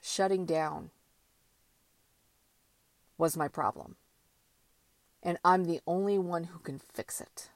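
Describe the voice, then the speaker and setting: A woman's voice: on the low side, slow pace, long pauses, dry recording. A woman giving a candid motivational monologue, blunt and emphatic, with casual swearing. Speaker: motivational vlogger.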